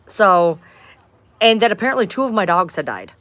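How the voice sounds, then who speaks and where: A woman's voice: medium pitch, very animated, normal speed, a bit bright, dry recording. A woman hosting a casual livestream from home, rambling, swearing freely and sounding exasperated. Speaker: livestream host.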